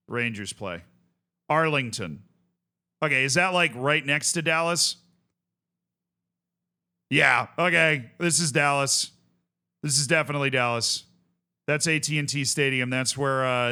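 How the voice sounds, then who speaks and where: In casual livestream chat, a young man from Tampa, Florida thinks aloud while streaming a game, listing things and fixing his own slips. His mid-range voice has a sharp, clean tone.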